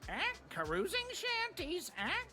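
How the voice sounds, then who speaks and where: A woman's voice: extremely high pitch, wildly swooping pitch, measured pace, voice pushed up, heavily acted. A squawking parrot, voiced by a woman. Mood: quizzical. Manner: quizzical echoing of the last words. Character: squawking parrot that repeats phrases. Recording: game audio with music.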